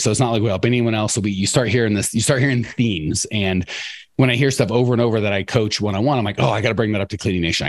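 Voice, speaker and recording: A middle-aged man, a podcast coach, talking casually and acting out quotes by jumping up in pitch. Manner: animated storyteller, acts out quotes in a raised voice. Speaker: coach and podcast host for cleaning business owners.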